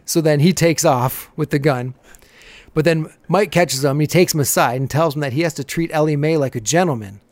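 A man's voice: a little high, fairly quick. Chatty man recapping with a laugh. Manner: chatty, laughs often while retelling scenes. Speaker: podcast host. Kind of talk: casual episode recap.

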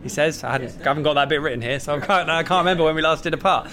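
A man hosting a casual football podcast from a café, jovial and quick to laugh. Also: a little high, bright, forceful tone, slight background noise. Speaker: podcast host.

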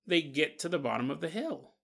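A man hosting a podcast, retelling a story in a casual, animated way and acting out the people he quotes. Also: on the high side, brisk, vocal fry. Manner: animated, acts out quotes with playful voices. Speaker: podcast host.

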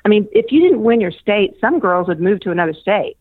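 A woman's voice: medium pitch, animated, brisk, husky, dry recording. An older woman, a former pageant winner, tells stories in a casual interview, chatting easily, laughing often and restarting her phrases. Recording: tinny phone line.

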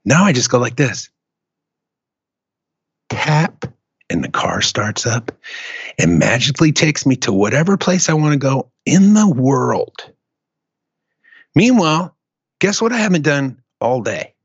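A man hosting a casual talk show, telling a profane, animated story in a rant. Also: medium pitch, unhurried, pauses often, slightly rough, no room sound, muffled recording. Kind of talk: casual chat.

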